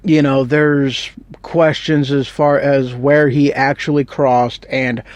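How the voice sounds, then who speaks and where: A man's voice: mid-range voice, flat delivery, takes it slowly, dry recording. A man telling a Bible story in a casual, rambling, joking way with slang. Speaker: Bible teacher.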